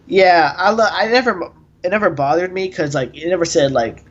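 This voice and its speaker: A man's voice: high voice, normal speed, muffled recording. A man as a guest in a casual discussion, agreeable and laughing often, with hesitant fillers.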